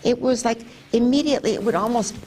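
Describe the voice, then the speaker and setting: An older woman telling a personal faith testimony, retelling it animatedly with lively quoted speech. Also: a little high, fast talker, a little hiss or hum. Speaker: testimony speaker.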